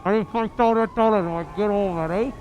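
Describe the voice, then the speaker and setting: A man's voice: sits high, fast talker, slight background noise, lightly acted. A man putting on an aggressive Welsh street tough. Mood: menacing. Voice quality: muffled through cloth. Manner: threatening, swearing constantly.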